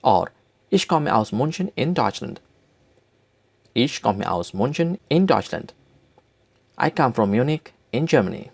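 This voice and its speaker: A man teaching a language lesson, speaking slowly and deliberately and repeating each word for learners. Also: medium pitch, very animated, gravelly, slightly rough. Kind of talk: slow spoken language lesson.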